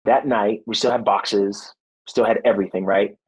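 Earnest husky-voiced man telling a story. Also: lowish voice, normal speed, low-quality recording. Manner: earnest, animated storytelling with acted-out quotes; faith-centered, reflective. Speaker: guest, former football player and motivational speaker. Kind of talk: storytelling in a podcast interview.

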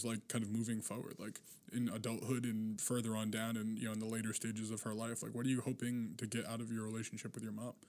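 A young man hosts a casual podcast interview. He talks quickly at an average pitch, stopping often for an "uh" as he works out his questions. He keeps it relaxed and easygoing. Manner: quick and easygoing, with many "uh" hesitations. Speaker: podcast host.

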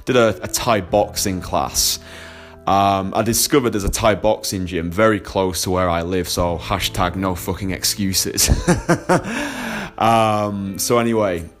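A young man with a slightly low voice tells a personal story straight to camera, candid and full of swearing. He talks like a dating coach chatting with his audience and breaks into laughter often. Soft music sits faintly under his voice. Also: a little slow. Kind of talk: casual storytelling vlog.

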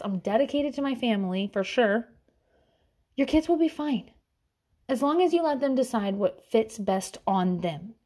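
A woman in her thirties talks casually and bluntly about raising kids, swearing freely and breaking into the voices of people she quotes. Her voice sits a little high. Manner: blunt, profane, animated quoting. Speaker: parent giving advice. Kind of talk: casual monologue.

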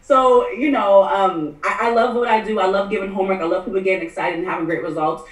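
A woman working as a matchmaker, talking candidly as a podcast guest and acting out her clients in quick asides. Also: mid-range voice, steady tone, reverberant, far from the mic, a crowd in the background, rough recording. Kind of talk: casual podcast interview.

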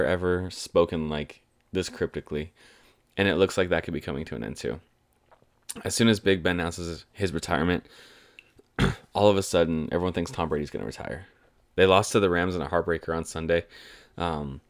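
A man's voice: deep voice, no echo. A man in his twenties giving an enthusiastic, chatty fan's take on football. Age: 20s. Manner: chatty, enthusiastic fan rambling. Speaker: sports commentator. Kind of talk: casual sports talk monologue.

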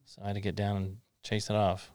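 A man's voice: on the low side, completely flat delivery, fast, darkish tone, dry recording, clean studio sound. A middle-aged man hosting an interview, chatting in an easygoing, rambling way as he thinks aloud. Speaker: podcast host. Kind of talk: casual interview chat.

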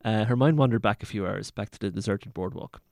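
A man's voice: fairly low pitch, brisk, creaky, a little mellow, no echo, studio quality. A man casually reading a teen novel aloud in a laid-back way. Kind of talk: casual read-aloud with banter.

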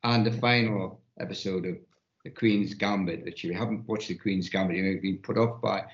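A man rambling in a live casual panel chat, halting and restarting as he goes. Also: deep voice, fairly even intonation. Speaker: panel guest. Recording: dull, roomy lo-fi sound.

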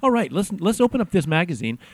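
A man's voice: high-pitched, big pitch swings, fast talker, dry recording. A man co-hosting a podcast in casual chat, jovial and joking, laughing often. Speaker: podcast host.

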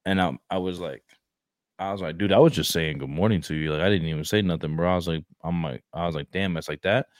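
A young man, a recruiter, tells a casual story in easy slang and gets animated as he goes. His voice is low, and the sound is dry and close. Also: quick pace, no echo. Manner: laid-back slang, animated retelling. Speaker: Marine recruiter, co-host.

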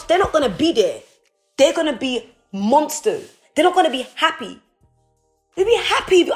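A woman giving a passionate, preachy motivational talk on a live stream, pleading with her listeners. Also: high-pitched. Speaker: motivational speaker. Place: indoors, streaming.

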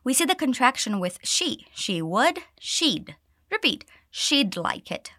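Lively, clear woman English teacher. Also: high voice, dry recording, clean studio sound. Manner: clear, deliberate model phrasing for learners to repeat. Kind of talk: pronunciation lesson with repeat drills.

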